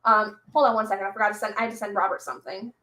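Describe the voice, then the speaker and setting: A woman's voice: mid-range voice, steady tone, racing, bright, forceful tone. A young woman streamer chatting casually to live viewers, telling a story with lots of fillers and little laughs. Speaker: streamer hosting a reading sprint. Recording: echoey room.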